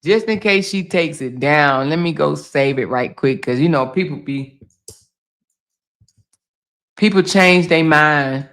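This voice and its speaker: Bright, teasing woman livestream host. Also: slow, pauses often. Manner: laughing, teasing, swearing freely, talks straight to viewers; animated, swinging between loud exclaims and low asides. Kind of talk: casual livestream commentary reading viewer comments aloud.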